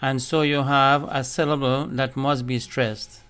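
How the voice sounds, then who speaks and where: A man's voice: mid-range voice, little pitch movement, a little slow, a bit bright, clear, resonant tone. A man teaching a language lesson, patiently spelling out letters and syllables one by one.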